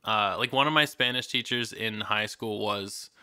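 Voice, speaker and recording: A man's voice: lowish voice, moderate pace, background noise. A man co-hosting a casual podcast, rambling with lots of "like"s, casual swearing and sarcasm. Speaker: podcast co-host. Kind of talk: casual chat.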